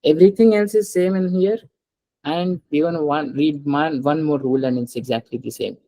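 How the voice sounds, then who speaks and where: A man's voice: a little high, moderate pace, dark tone, rough recording. A man teaching French in a one-on-one lesson, patiently explaining rules step by step and asking his student to read aloud.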